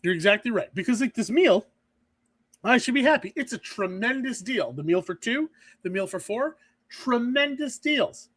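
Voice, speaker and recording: A man with a notably high voice, fired up and ranting in casual podcast banter. The sound is close and dry, with almost no room around it. He talks in bursts and backs off with quick apologies. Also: lively intonation, fairly bright tone, dry recording. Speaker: podcast co-host. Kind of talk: casual chat.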